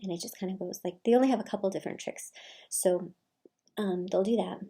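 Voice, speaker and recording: A woman giving casual advice in a soft, often half-whispered delivery. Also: mid-range voice, steady tone, a little fast, breathy edge. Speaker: advice vlogger.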